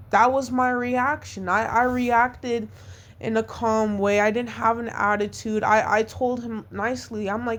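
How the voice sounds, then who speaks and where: A woman's voice: on the high side, flat delivery, measured pace, a bit bright. A woman talking through a painful breakup on her podcast, hurt and rambling, repeating herself as she vents. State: upset, devastated. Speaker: podcast host. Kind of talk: personal venting monologue.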